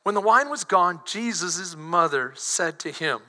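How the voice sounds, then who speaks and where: High-pitched bright-voiced man preaching. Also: unhurried, long reverb tail. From Texas. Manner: animated preaching, swings between loud emphasis and soft asides. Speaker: pastor. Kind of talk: sermon.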